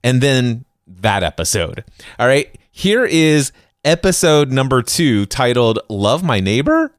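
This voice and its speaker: A man's voice: mid-range voice, big pitch swings, slow, no echo, clean studio sound. A man hosting a solo podcast, talking in a bold, confident, conversational way. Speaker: podcast host.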